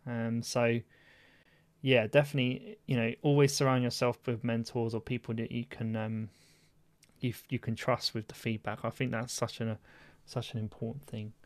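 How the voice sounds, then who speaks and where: Man, middle pitch, relaxed casual chat, podcast co-host, dry close recording. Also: normal speed, no echo.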